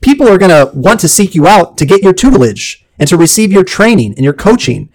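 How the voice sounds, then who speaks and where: A man's voice: sits high, sing-song, fairly quick, low-quality recording. Wordy, theatrical man on a podcast. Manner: wordy and theatrical, with punchy lists. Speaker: podcast host. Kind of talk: solo podcast monologue.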